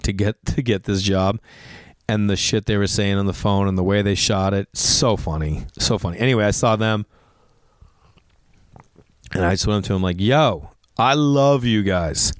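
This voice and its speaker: A middle-aged man, a comedian hosting a podcast, chatting casually in a rambling, animated way with lots of restarts and asides. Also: lowish voice, smooth, dry recording, clean studio sound.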